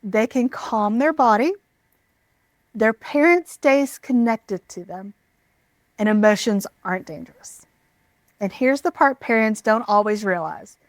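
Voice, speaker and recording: A woman giving scripted parenting advice in a calm, measured, reassuring way. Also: fairly high pitch, no echo. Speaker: parenting educator.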